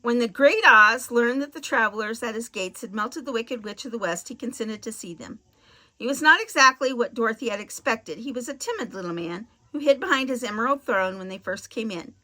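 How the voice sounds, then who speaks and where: Storybook narrator, woman, bright voice, slightly high. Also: animated, fairly quick. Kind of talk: storybook reading aloud.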